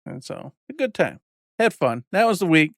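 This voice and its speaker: A man's voice: high voice, big pitch swings, normal speed, no echo, studio quality. A man in his forties telling a rambling story in casual podcast chat, acting out what people said. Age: 40s. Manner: rambling storyteller, acts out quotes. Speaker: podcast co-host.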